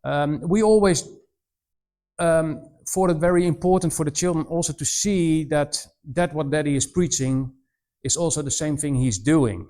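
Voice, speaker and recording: Animated higher-voiced missionary man. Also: moderate pace. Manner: animated storyteller, mimics voices, many restarts. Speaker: missionary speaker. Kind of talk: presentation to students. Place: college presentation room.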